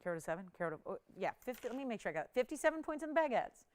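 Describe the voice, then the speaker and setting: A woman with a fairly high, smooth and clear voice hosts a live shopping broadcast. She talks up rings with chatty urgency and counts prices down to push viewers to call in. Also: big pitch swings, racing. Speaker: home shopping host. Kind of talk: live home-shopping sales pitch.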